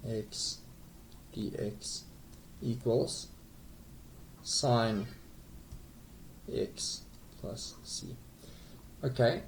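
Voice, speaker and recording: A man's voice: medium pitch, mellow, slight background noise, low-quality recording. A man tutoring calculus, explaining step by step in a patient way with frequent okays and small self-corrections. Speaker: math tutor.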